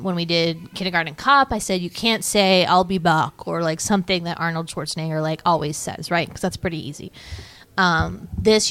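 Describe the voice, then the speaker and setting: A woman's voice: on the low side, fairly bright tone, clear, resonant tone. A woman co-hosting a podcast in casual chat, talkative and loose, swearing and laughing easily. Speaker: podcast co-host.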